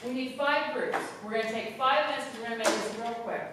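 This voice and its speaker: A woman teacher giving a brisk, instructive classroom lesson, tending to talk fast, recorded from far off in a large echoey room. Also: on the high side. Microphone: camera far from the speaker. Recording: echoey hall audio from far off, background noise.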